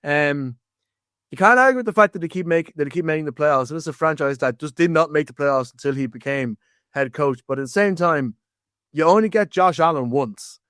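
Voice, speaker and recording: A man's voice: on the high side, a bit bright, no echo, clean studio sound. An Irish man hosting a sports podcast, chatting casually and jumping animatedly between points. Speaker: podcast host.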